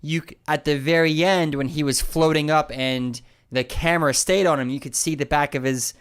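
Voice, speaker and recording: A man with a fairly high, smooth, clear voice chats on a podcast. He recaps in careful detail and likes to walk through each moment of the scene. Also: steady tone, moderate pace. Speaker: podcast co-host. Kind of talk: casual chat recapping a sitcom episode.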